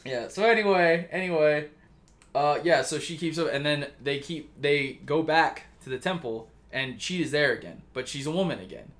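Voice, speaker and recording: A man's voice: a little high, normal speed, a bit bright. A man casually retelling a story on a podcast, rambling with lots of fillers and swearing. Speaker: podcast co-host pitching a story.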